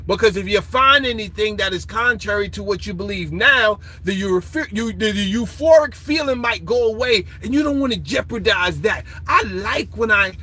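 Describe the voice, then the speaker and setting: Confrontational man ranting to listeners, bright sharp voice, husky, high. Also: poor audio. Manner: confrontational, taunting, quizzes listeners. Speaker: online lecturer. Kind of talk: profane ranting lecture.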